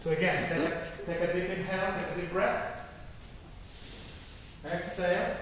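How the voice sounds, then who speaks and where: A man's voice: sits high, fairly even intonation, moderate pace, a bit bright. A man teaching a guided laughter meditation class, giving instructions and checking in with a repeated "okay?". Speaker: yoga teacher. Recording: echoey hall with faint noise.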